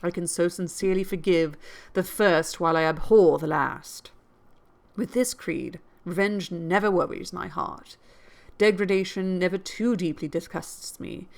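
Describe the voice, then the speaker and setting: A woman voicing a gentle, pious orphan schoolgirl in a storybook reading, soft and earnest, a little low-pitched. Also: unhurried, vocal fry. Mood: serene.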